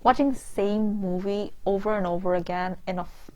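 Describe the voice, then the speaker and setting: A woman's voice: mid-range voice, steady tone, moderate pace, dark tone. A woman giving sarcastic, exasperated commentary on a book she reads aloud, with lots of fillers. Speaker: comedic book reviewer. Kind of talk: mocking reading and commentary.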